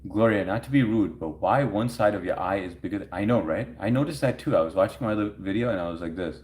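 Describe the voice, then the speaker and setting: Fast-talking, with a lowish and slightly mellow voice, a man hosts a livestream and chats casually with viewers. He reads their comments aloud and laughs a lot, his voice echoing around the room.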